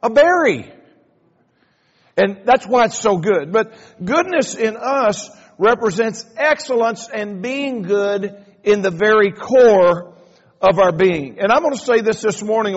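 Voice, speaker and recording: Folksy preacher, high voice. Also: male voice. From Kentucky. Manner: folksy, storytelling, playful asides to the congregation. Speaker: pastor. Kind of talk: sermon. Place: church sanctuary. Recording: dull lo-fi sound in a reverberant hall.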